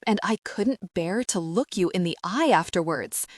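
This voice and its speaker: A woman's voice: fairly low pitch, lively intonation, moderate pace, darkish tone, no echo, studio quality. A woman reading the lines of an anguished young man confessing old trauma, in a strained, choked voice. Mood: broken. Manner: strained, choked, hissing delivery. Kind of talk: audiobook character reading.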